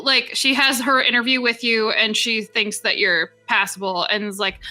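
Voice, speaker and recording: A woman's voice: on the high side, steady tone, normal speed, hardly any pauses, pushed and bright. A woman running a tabletop game as game master, chatty and full of filler words.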